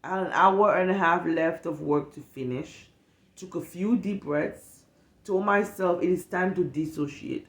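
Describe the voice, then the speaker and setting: Animated, foul-mouthed woman telling stories. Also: low voice, echoey room. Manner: animated, profane, acts out the people in her story. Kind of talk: casual storytelling.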